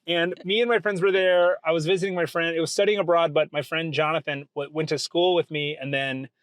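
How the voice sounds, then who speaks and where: A man hosts a casual chat from inside a car. He tells stories with animation and jumps into high voices for the people he quotes. The sound is dry and close. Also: fairly even intonation, brisk, fairly bright tone, no room sound. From Texas. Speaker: host.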